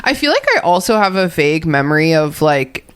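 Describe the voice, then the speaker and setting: Young woman cohosting a book podcast, chatty and sweary, laughs a lot, fairly low voice. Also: big pitch swings, brisk, smooth. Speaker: podcast co-host. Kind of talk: casual book discussion.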